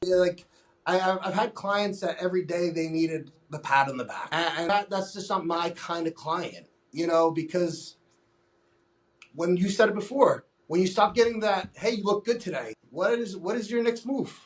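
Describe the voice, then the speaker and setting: A man with a high voice for his sex talks as a fitness coach in a casual podcast chat. He is blunt, emphatic and freely profane. He often slips into quoted back-and-forth with his clients. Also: normal speed.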